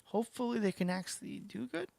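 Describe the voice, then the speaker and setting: A woman's voice: mid-range voice, lively intonation, quick pace, creaky, a little mellow, no echo. A woman giving casual livestream commentary as she plays a game, chatting and reacting aloud to the match. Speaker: game streamer.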